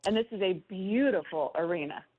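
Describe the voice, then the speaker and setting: A woman's voice: medium pitch, expressive, a little fast. A woman calling in to a radio show from a tunnel in an arena, telling stories in an upbeat, enthusiastic way. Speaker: guest on the phone. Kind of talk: phone-in interview. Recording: tinny phone line.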